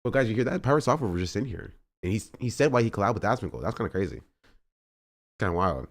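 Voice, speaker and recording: A man's voice: fairly low pitch, animated, fast. A man live streaming in casual chat, rambling to his viewers and thanking subscribers.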